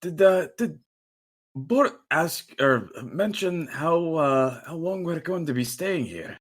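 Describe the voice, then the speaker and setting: A man's voice: a little high, big pitch swings, slow pace. Hesitant man role-playing a dwarf. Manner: hesitant, musing, many restarts. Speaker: player. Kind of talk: in-character tabletop role-play.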